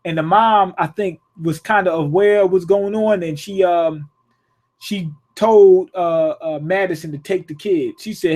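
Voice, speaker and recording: A man's voice: sits high, normal speed, darkish tone. A man giving a blunt, profane, casual recap of a TV episode, riffing with rhetorical questions. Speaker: TV episode reviewer. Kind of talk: casual rant-style recap.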